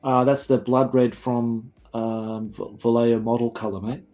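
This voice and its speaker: A man's voice: mid-range voice, little pitch movement, moderate pace, dark tone. A man with an Australian accent hosting a casual chat, jokey and laughing often. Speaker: podcast host.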